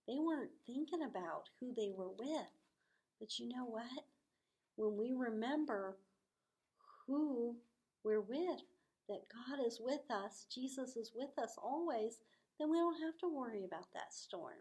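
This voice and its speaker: A young woman tells a story to children, drawing it out slowly. Her voice sits a little high and jumps up for the voices she acts out. She drops to a soft hush for the quiet parts. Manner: animated, acts out voices with big swells. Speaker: children's ministry teacher.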